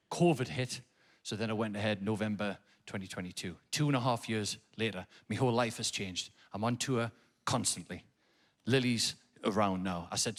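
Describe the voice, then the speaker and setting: On a large theatre stage before a live audience, a Geordie man in his thirties from North East England performs stand-up into a stage microphone. His voice is lowish, and his storytelling is full of swearing and sing-song nursery rhyme bits, building up to shouted punchlines.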